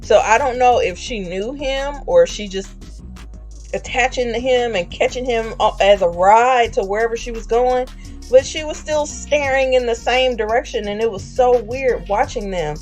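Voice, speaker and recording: A woman's voice: fairly high pitch, moderate pace, darkish tone, soft background music. A woman streamer telling a story in a chatty way, acting out the voices of the people in it with slang. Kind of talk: casual storytelling.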